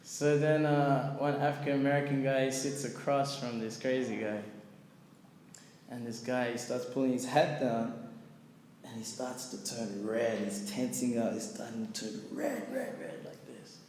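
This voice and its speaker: A man casually telling a story at a scripture class. He is animated, fills his talk with "like" and "you know", and acts out the people in his story. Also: medium pitch, unhurried. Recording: echoey hall with long reverb and faint ambient noise.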